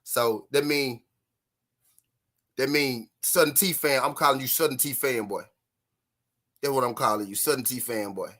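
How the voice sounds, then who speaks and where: A man's voice: mid-range voice, moderate pace, pauses often, sharp tone. A man from Memphis, Tennessee, hosting a live stream and taunting his chat with mocking, repeated jabs and frequent laughter.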